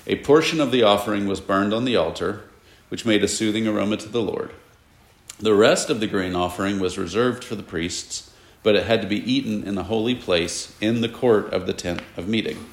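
A man's voice: lowish voice, a little fast. A man teaching a classroom Bible lesson, explaining at length and asking his students questions, with casual asides. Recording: echoey room.

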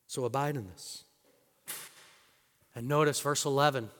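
A man's voice: high voice, animated, moderate pace, long pauses. A male pastor preaching a sermon in a conversational way and asking the congregation rhetorical questions. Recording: long hall reverb.

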